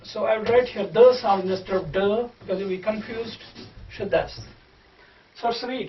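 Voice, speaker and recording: A man teaching how to pronounce verse, spelling words out slowly sound by sound and repeating them. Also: sits high. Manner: slow, repetitive sound-by-sound spelling out. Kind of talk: explaining Persian verse pronunciation. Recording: distant, echoey, dull room recording.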